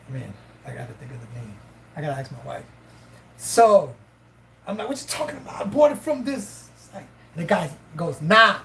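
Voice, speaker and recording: This is a woman host on a live stream, her voice at medium pitch, casually recounting a story with plenty of profanity while animatedly voicing both parties in the dialogue. The recording is low quality, with slight background noise.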